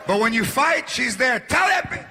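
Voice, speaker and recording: A man doing shouty, animated stand-up storytelling on a live stage. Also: very high voice, normal speed. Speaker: stand-up comedian. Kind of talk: stand-up comedy. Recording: live stage, loud crowd, noisy.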